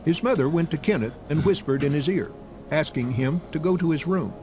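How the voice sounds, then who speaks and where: A man reading a story game aloud as a let's play narrator, with an expressive delivery. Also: fairly high pitch, brisk.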